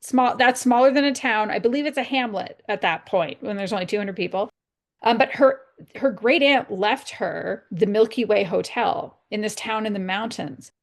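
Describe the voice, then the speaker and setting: Podcast co-host, woman from Canada, gravelly texture, chatty storyteller. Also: medium pitch, moderate pace. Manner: chatty, laughs often, storytelling. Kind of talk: casual chat.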